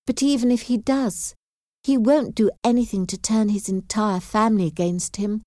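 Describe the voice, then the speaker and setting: A woman's voice: mid-range voice, steady tone, normal speed, warm tone, no room sound, studio quality, pitched above the performer's own voice, close to an everyday voice. A woman reading aloud voices a spirited young woman who speaks earnestly and firmly. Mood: sad. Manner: firm, earnest.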